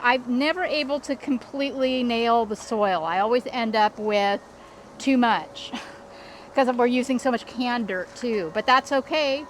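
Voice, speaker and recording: Her voice on the high side, a middle-aged woman who designs landscapes and hosts a channel walks viewers through a backyard outdoors. She's casual, chatty and upbeat, making small restarts, and there's slight hiss or hum.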